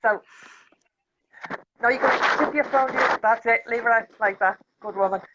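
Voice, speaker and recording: A woman's voice: a little high, measured pace. An encouraging woman co-hosting a live online masterclass over a video call. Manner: encouraging, cheerful. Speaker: co-host coach. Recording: dull video call audio with faint noise.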